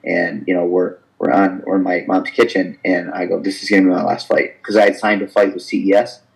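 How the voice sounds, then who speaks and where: Man in his thirties, very low voice, casual storyteller, professional fighter being interviewed. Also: brisk, creaky, poor audio. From United States. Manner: animated storyteller, acts out conversations.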